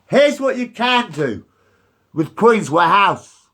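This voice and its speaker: A man's voice: high-pitched, sing-song, slow, fairly bright tone. A man, ranting angrily and repetitively with lots of swearing. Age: 50s. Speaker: resident facing eviction. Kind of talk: angry rant to camera.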